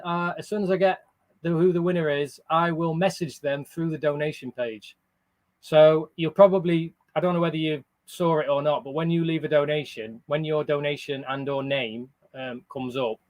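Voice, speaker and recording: Chatty English man on a live stream. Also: fairly high pitch. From England. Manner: chatty, rambling, with frequent fillers and laughs. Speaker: live-stream fundraiser host. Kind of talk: casual live-stream chat.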